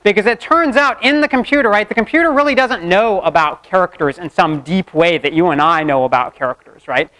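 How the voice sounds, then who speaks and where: A man teaching a university class in a playful, joking way. His voice sits high for a man. He breaks up the explanation with quick asides and laughs. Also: a bit bright, poor audio. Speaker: university lecturer. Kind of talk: classroom lecture. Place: lecture hall.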